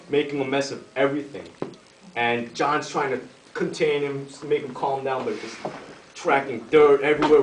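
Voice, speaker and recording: A man telling a long joke in a casual, meandering way, stuffing in "like" and "you know" and slipping into laughter. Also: mid-range voice. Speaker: joke teller. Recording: echoey room, distant mic, noisy home video.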